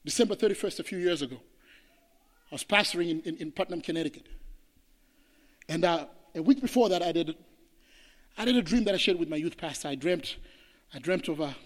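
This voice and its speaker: A man from Zimbabwe, preaching a sermon as pastor, telling stories emphatically and swinging from hushed to loud. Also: fairly high pitch, animated, fairly quick, pauses often. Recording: long hall reverb.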